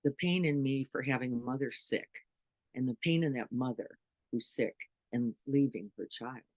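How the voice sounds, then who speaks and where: A woman's voice: extremely low pitch, moderate pace, darkish tone. A middle-aged woman meditation teacher giving an earnest dharma talk, full of rhetorical questions to her listeners.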